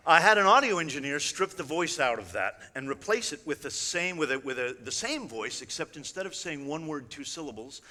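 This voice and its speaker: Male illusionist on stage, crisp bright voice, wry chatty delivery, long hall reverb. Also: on the high side, expressive, a little fast, few pauses. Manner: chatty, wry, addresses the audience directly with frequent asides. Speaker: illusionist giving a talk. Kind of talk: conversational stage presentation.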